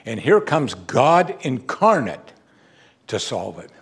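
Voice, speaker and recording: A middle-aged man preaches with a slightly husky voice. His pitch rises and falls in lively swoops as he drives points home, then drops low and quiet. It is the steady cadence of a pastor at the pulpit. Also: takes it slowly. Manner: animated, preacherly, swinging from loud emphasis to low quiet. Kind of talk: sermon.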